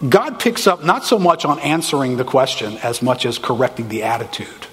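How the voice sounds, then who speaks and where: A man preaching a sermon as a pastor, with animated, emphatic delivery and quick asides to the congregation. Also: mid-range voice, big-room sound.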